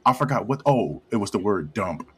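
A man in his thirties telling stories in a casual chat with friends, animated and quick to laugh and swear. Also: on the low side, crowd noise. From Haitian family. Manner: animated storytelling, laughs often, swears freely.

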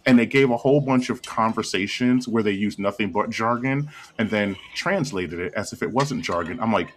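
A man's voice: fairly low pitch, moderate pace, hardly any pauses, a little hiss or hum. A man in casual chat, ranting and telling stories with plenty of swearing. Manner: profane, ranting storyteller.

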